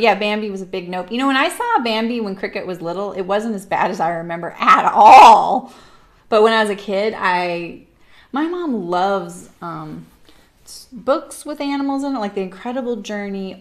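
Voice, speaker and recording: A woman in her forties from Southern California, hosting a sewing livestream and telling rambling stories with lots of fillers. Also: medium pitch. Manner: chatty, rambling storyteller with frequent fillers and laughs. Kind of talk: casual chat while sewing. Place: home sewing room.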